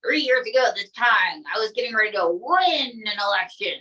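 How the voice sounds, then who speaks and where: A brash, bragging male ex-president, talking in a lowered, gruff, smug voice, as a woman puts him on. His tone has a bright, sharp edge. The voice sounds a bit distant from the mic. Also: expressive, fairly quick, highs cut off. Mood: boastful. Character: boastful blustering male ex-president impression.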